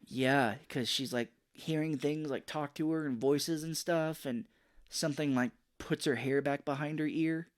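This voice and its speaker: A man co-hosting a podcast, casually retelling a film plot and jumping into high voices for the characters. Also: fairly even intonation, measured pace. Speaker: podcast co-host. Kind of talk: casual movie recap chat.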